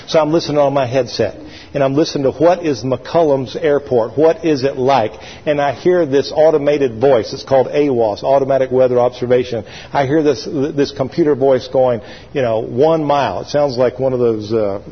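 A man's voice: mid-range voice, normal speed, slightly rough. A man preaching a sermon, telling a story in a folksy way and calling out for his congregation to answer him. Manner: call-and-response with congregation. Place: church sanctuary. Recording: dull recording with long hall reverb.

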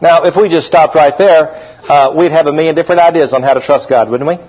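A man preaching a lively sermon as pastor, calling out to his congregation. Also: a little high, quick pace, breathy edge. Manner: animated preaching, calls out to the congregation. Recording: dull lo-fi recording.

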